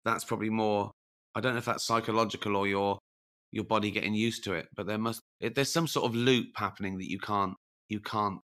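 A man with a bright, forward voice pitched a little low chats in an animated way, firing off questions and telling stories. He talks in quick bursts, often breaking off and circling back. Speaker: podcast co-host. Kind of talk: casual conversation.

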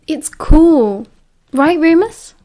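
Woman reading as blunt teenage wizard boy, British accent, cool and direct, fairly high voice. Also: lively intonation, drawn-out words, warm tone, full character voice.

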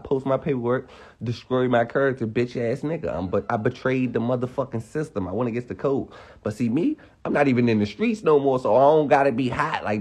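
A man's voice: medium pitch, a little mellow, breathy edge. A man hosting a casual livestream rant, mocking and profane, laughing often as he talks. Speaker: livestream host.

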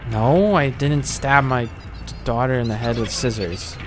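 A man streaming a horror game, reacting loudly and jumpily with frequent cursing and laughter. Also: medium pitch, measured pace. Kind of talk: live gameplay commentary. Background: game music.

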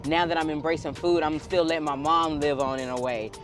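Woman food vlogger, casual slangy chatter, excitable, music playing behind. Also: deep voice, a little fast. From Houston, Texas. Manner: casual slangy talk, laughs often, excitable.

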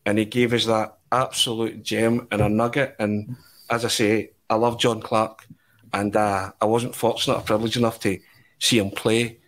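A man, a journalist, telling an animated anecdote on a podcast, with chuckles along the way. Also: lowish voice. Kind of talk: podcast storytelling.

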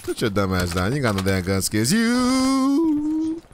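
A young man from the US Virgin Islands, excitably trash-talking in profane bursts as a game streamer. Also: low-pitched, fast talker, a little hiss or hum. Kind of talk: casual live-stream commentary.

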